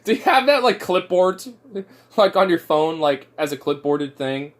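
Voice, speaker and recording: A loose, swearing young man with a slightly high voice, chatting casually to his viewers and laughing often. He rambles and drifts between topics. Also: animated, normal speed.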